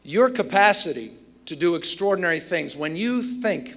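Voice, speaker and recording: Gravelly man giving a commencement speech. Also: high voice, animated, fairly quick, fairly bright tone. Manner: emphatic, storytelling, self-deprecating humor. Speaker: commencement speaker.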